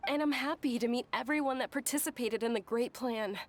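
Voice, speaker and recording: A woman voicing an earnest, gentle young woman in a video game, soft-spoken and sincere. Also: a little high, a little fast, lightly acted.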